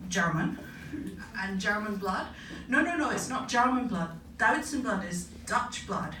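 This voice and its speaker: A woman putting on the voice of a matter-of-fact, know-it-all Dutch man, brisk and lecturing, in an echoey live room. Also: mid-range voice, expressive, bright, forceful tone. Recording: echoey live room, distant mic, noisy.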